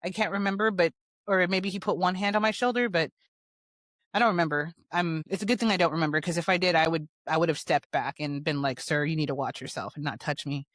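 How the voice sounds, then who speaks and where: Fast-talking woman telling a story bluntly. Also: fairly low pitch, fairly bright tone, no echo. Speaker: show host. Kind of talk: personal storytelling monologue.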